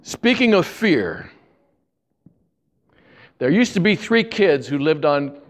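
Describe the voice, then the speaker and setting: Older male preacher from Ohio, seventies, folksy anecdotal storyteller, slightly high pitch. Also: sing-song, slow. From Ohio, USA. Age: 70s. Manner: folksy, anecdotal, chuckles at own stories. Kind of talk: storytelling sermon.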